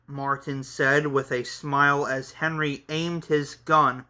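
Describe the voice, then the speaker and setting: A man hosting a casual manga read-along, narrating with halting, chatty asides. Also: a little high, flat delivery, sharp tone. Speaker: channel host reading a manga.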